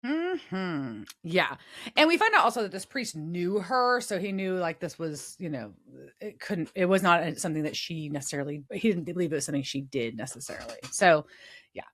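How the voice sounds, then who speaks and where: A woman with a lowish voice that swings up and down as she recaps a TV episode for a casual podcast. She keeps it loose and sweary, with lots of fillers. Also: animated, moderate pace, a bit bright. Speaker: podcast co-host.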